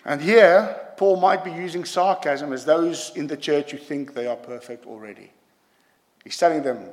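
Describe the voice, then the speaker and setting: A man's voice: on the high side, a little slow. A man preaching a sermon to a congregation, emphatic and punctuating his points with "yeah?". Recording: long hall reverb.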